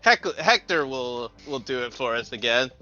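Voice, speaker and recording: Man, tabletop player, wry jokes, bright voice, lo-fi recording. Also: medium pitch, lively intonation, normal speed, soft background music. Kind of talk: casual tabletop game chat.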